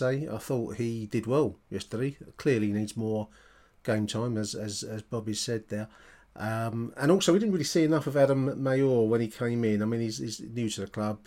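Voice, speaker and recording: A man's voice: mid-range voice, normal speed, darkish tone. A man hosting a football podcast, talking casually with some hesitation as he goes through his notes. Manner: conversational, hesitant, reading from notes. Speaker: podcast host. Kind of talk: podcast commentary.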